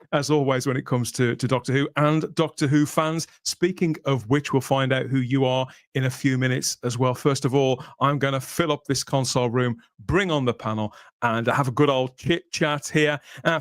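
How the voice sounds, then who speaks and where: A man's voice: fairly high pitch, no echo, clean studio sound. A man from Birmingham, England, hosting a casual podcast livestream in a jokey, chatty way, often laughing. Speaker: host.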